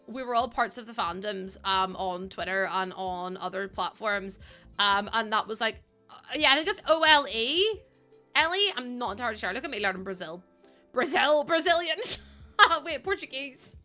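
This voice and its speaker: A woman's voice: medium pitch, moderate pace, bright, forceful tone. Giggly chatty young woman streamer. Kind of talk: casual chat while gaming. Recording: music playing behind.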